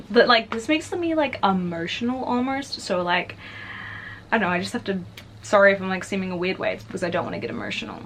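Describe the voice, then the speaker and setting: A woman's voice: medium pitch, lively intonation, fast, fairly bright tone, slight background noise. A young adult woman vlogger casually telling a personal story, chatty and full of fillers. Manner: chatty, filler-heavy, frequently says "like".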